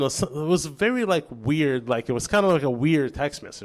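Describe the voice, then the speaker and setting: A man from Brazil, a chef guest on an interview show, telling a story in casual chat with lively restarts and acted-out dialogue. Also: on the high side, fairly quick. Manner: animated storyteller, acts out quoted dialogue, many restarts.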